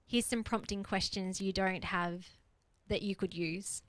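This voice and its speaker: A woman's voice: mid-range voice, fairly even intonation, measured pace, no echo, low-quality recording. A woman coach leading a guided exercise on a group coaching call, earnest and explanatory, repeating her key points. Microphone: video call.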